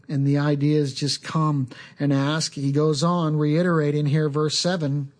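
A man preaching a sermon in a slow, earnest, conversational way, often leaning on casual asides to the listeners. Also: on the high side, darkish tone. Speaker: pastor.

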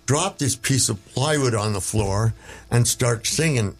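A man's voice: medium pitch, unhurried, faint music behind. An older man, telling rambling stories as an interview guest, with chuckles and restarts. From Canada. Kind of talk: casual storytelling interview.

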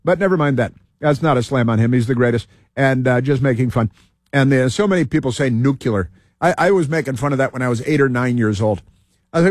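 A man's voice: medium pitch, fairly quick, no room sound, studio quality. A man hosting a solo talk show, rambling and repetitive, restarting his sentences often.

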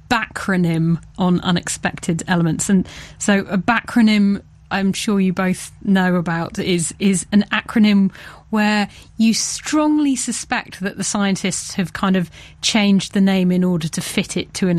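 A woman's voice: mid-range voice, no room sound. Woman host, chatty and playful, mid-range voice, dry close mic. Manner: playful, chatty, laughs often. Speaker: podcast host. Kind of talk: casual science chat.

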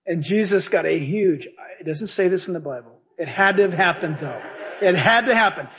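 Brief: animated male preacher, high and husky voice, storytelling sermon. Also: normal speed.

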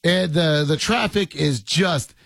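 A man's voice: a little high, slow pace, gravelly, a bit bright, no room sound. A man hosting a sports radio show, joking and rambling in casual chat and laughing often.

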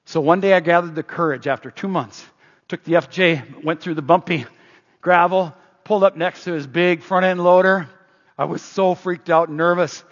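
Husky, high-voiced man preaching in a hall. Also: steady tone, moderate pace. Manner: chatty, repeats and restarts, rises loud for emphasis. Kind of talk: sermon with storytelling. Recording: dull echoey hall.

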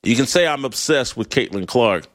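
A man's voice: mid-range voice, normal speed. A middle-aged man hosting a sports talk show, delivering a blunt, opinionated monologue with frequent laughs and restarts. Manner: animated, blunt, laughs often, restarts mid-phrase.

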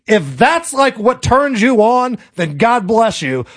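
Male talk host with a high voice, dry close mic, sarcastic folksy rants. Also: big pitch swings, slow pace, no echo. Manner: sarcastic, colloquial, jokey rants. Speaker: radio talk show host. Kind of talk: opinionated political talk radio.

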